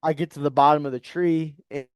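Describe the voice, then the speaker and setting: A man's voice: on the high side, fairly quick, clear, resonant tone, dry recording. Man telling a story, dry close mic. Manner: animated, breathless retelling with frequent "you know what I mean". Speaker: podcast guest. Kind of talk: casual storytelling.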